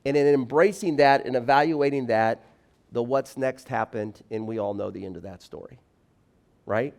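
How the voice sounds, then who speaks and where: A man in his forties speaks to a room of college students at chapel. His voice sits at an ordinary middle pitch. He keeps things animated and conversational, often acting out little scenes. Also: normal speed, vocal fry. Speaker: campus speaker.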